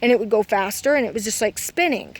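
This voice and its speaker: Woman, fairly high voice, rambling dream story, lots of ums. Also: animated, fast. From Kentucky. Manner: rambling, self-correcting, full of "um" and "like". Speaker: vlogger.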